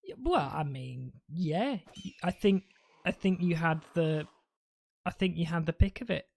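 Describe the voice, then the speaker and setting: Speaking unhurriedly with vocal fry, this British esports commentator has a slightly high, expressive voice. His live commentary is jokey and rambling, full of self-interruptions and restarted sentences.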